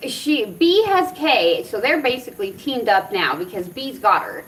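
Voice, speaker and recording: A woman's voice: a little high, moderate pace, hardly any pauses, far from the mic, low-quality recording. A middle-aged woman vlogger from Arizona who tells a funny story with lots of laughter, then reviews a product in a casual chat. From Arizona, USA. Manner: animated, laughs often while telling stories.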